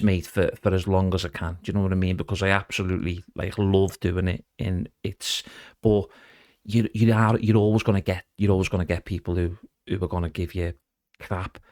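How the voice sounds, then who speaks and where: A man's voice: low voice, normal speed, no room sound, clean studio sound. A middle-aged man chatting as a podcast guest, rambling casually and calling the host "mate". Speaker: guest impressionist.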